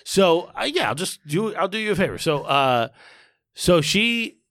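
A man's voice: high-pitched, very animated, a little slow, fairly bright tone, dry recording, clean studio sound. A man telling a rambling story in casual podcast chat, full of fillers and swearing. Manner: rambling, lots of likes and swearing.

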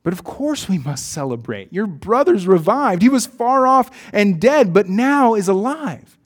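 Man reading a tender loving dad, soft and pleading. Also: high voice, sing-song, measured pace, pitched above the performer's own voice, full character voice. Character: loving, gentle older father.

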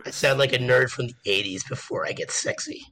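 A man with laryngitis, hoarse and croaky, joking about himself while chatting casually. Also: medium pitch, wildly swooping pitch, brisk, sharp tone, low-quality recording. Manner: croaky, joking, self-mocking. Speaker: guest calling in. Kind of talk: casual chat.

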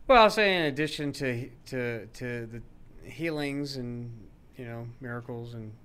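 A man's voice: mid-range voice, a little slow, a bit bright, clean tone. A man who is a guest on a livestream debate, talking emphatically and teasingly.

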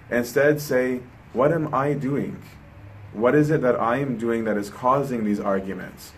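A man's voice: mid-range voice, a little hiss or hum, low-quality recording. A man giving a sermon in a conversational way, often ending his points with a questioning "right?". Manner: conversational, keeps asking "right?". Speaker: preacher.

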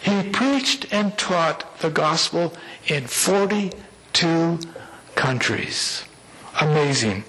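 A middle-aged man preaching a sermon as pastor. He builds phrases with rising emphasis and slows down to a weighty close at the end of lines. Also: a little high, lively intonation, sharp tone, rough recording. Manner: preaching with swelling emphasis and slow, weighty endings.

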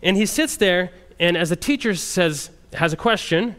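A man who works as a missionary, telling a story to a group in an animated way and often restarting his sentences. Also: high voice, moderate pace. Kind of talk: storytelling testimony talk.

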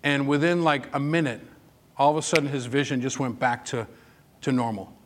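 A man's voice: mid-range voice, fairly even intonation, a little fast. A man preaching a sermon, telling personal stories in a conversational way that rises into emphatic peaks. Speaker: pastor.

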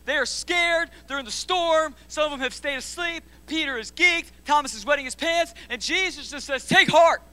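A man preaching a sermon in slangy, energetic style, building up to loud repeated lines and dropping low again. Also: normal speed, hardly any pauses. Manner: builds to shouts in repeated phrases, then drops low. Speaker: pastor.

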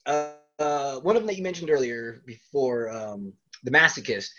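A man's voice: mid-range voice, normal speed, over music. A man as a wrestler guest in an interview, telling rambling stories in a casual way and laughing often between them. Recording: dull lo-fi recording.

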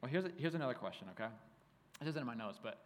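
A male pastor preaching in a relaxed, conversational way. His voice sits at a middle pitch, and he tells stories with lots of "like". A long hall reverb trails each phrase. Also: very fast. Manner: casual, animated storytelling with frequent "like". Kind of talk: sermon.

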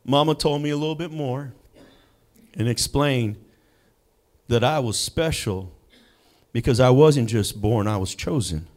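A man preaching in a church, telling a personal story slowly with dramatic pauses. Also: medium pitch, a little mellow. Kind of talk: sermon with personal testimony. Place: church sanctuary.

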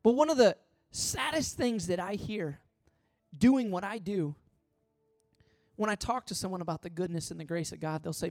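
Male pastor, middle-aged, impassioned sermon delivery, loud and soft by turns, dry mic. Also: sits high, moderate pace, no echo. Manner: impassioned, swings from loud pleading to soft tender asides.

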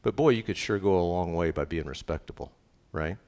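A low-voiced man leads a sermon as pastor, chatty and animated, keeping the congregation in the conversation. His voice carries a long reverb from the church hall around him. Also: brisk. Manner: lively, conversational preaching with frequent "right?" asides.

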